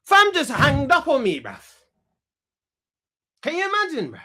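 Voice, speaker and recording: A man's voice: very high voice, wildly swooping pitch, measured pace, bright, forceful tone. A man hosting a comedic talk show sketch, brash and full of slang, rambling and repeating himself.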